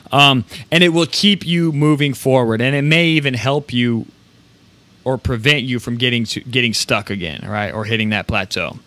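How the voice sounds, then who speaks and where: A man hosting a podcast, giving energetic, rambling motivational talk with casual swearing. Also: mid-range voice. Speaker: podcast host.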